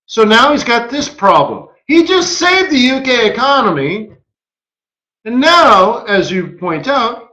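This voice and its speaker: A man hosting a live trading webinar, animated and full of rhetorical questions. His voice is bright and fairly high for a man. The room echoes noticeably around him. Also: measured pace. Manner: animated, rhetorical, keeps asking "right?". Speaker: market strategist hosting a webinar.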